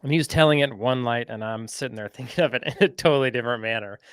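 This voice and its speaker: A man at a middle pitch tells a long story on his podcast in a loose, rambling way, padding it with "like" and "right?". The sound is dry and close, with no room around it. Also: very fast, fairly bright tone, clean tone, no echo. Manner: chatty, rambling, lots of "like" and "right?". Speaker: podcast host. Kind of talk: casual storytelling.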